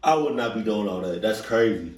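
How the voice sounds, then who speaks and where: A man hosting a reaction video in casual commentary, animated and repeating rhetorical questions. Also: on the low side, brisk, far from the mic. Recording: roomy sound from off mic.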